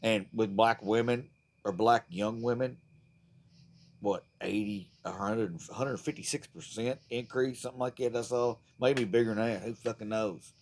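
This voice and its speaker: A man's voice: fairly low pitch, fairly even intonation, moderate pace. A man delivering a profane, fired-up, rambling political rant to the camera. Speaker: vlogger.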